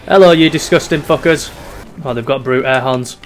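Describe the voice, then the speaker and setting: A young gaming YouTuber offers casual, sweary commentary as he plays a video game, sliding between mock despair and giggles. His voice is mid-range and moves at a normal speed.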